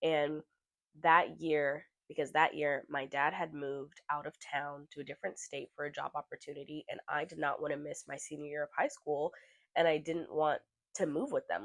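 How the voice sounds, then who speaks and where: A young adult podcast host telling a personal story candidly, swearing freely and growing animated when retelling scenes. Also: mid-range voice, moderate pace, vocal fry, no room sound.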